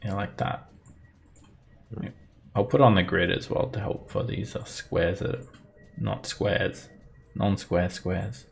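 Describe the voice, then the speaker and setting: A man running a tabletop role-playing game, explaining rules in a relaxed way and chuckling often. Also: deep voice, slow, creaky, pauses often, a little hiss or hum. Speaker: dungeon master.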